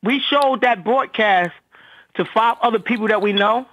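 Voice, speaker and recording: A man's voice: high-pitched, normal speed, low-quality recording. A man in casual live-stream chat, telling stories animatedly and acting out what others said. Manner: animated storyteller, acts out quotes.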